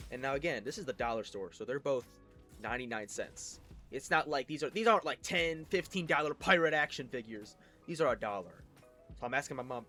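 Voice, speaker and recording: A young man telling childhood stories in a rambling, self-mocking way, acting out quotes with sudden loud bursts. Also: mid-range voice, fast talker, faint music behind. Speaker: storytime creator. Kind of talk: casual storytelling.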